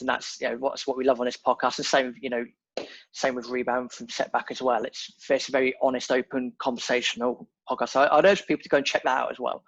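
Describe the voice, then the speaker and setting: A man hosting a podcast interview, relaxed and a little halting as he wraps up. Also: medium pitch, gravelly, no room sound, muffled recording. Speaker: podcast host. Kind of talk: casual interview.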